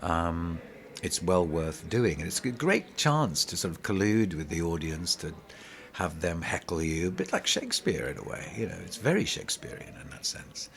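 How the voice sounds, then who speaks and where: A middle-aged man with a very low, gravelly voice tells rambling stage stories, restarting often as he goes. He sounds lively and conversational, as in an interview. A faint hiss sits under the recording. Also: moderate pace. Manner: animated, rambling anecdotes with many restarts. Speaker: pantomime actor, interview guest. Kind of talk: casual interview storytelling.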